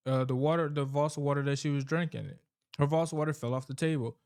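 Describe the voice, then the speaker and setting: A man with a slightly raised, smooth and clear voice rambles through a movie's plot in a loose, casual way. He swears constantly and loses track of his own story. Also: on the high side, fairly even intonation, fairly quick, darkish tone. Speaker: vlogger recapping a movie.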